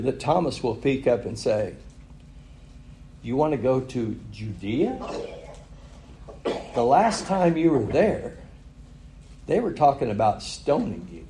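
A man's voice: medium pitch, dark tone, roomy sound, slight background noise, low-quality recording. A man preaching a sermon, retelling a story with chuckles and rhetorical questions. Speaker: pastor.

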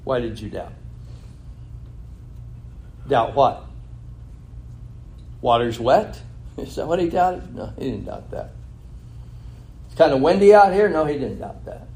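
A man's voice: on the high side, expressive, unhurried, pauses often, dark tone. A man preaching a sermon who reads a scripture passage, then retells it in his own words and asks rhetorical questions. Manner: laughs at his own slip and corrects himself.

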